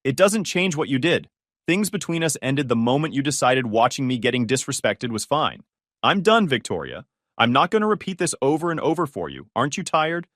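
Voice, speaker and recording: A man's voice: mid-range voice, a little fast, no echo, clean studio sound. Man coldly narrating his own story. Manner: flat, cold, detached. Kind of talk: first-person story narration.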